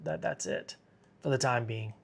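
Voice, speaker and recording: A man's voice: medium pitch, moderate pace, gravelly, slightly rough. A man hosting a live severe weather stream, tired and sick, talking casually and reading viewer comments aloud. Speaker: weather livestream host.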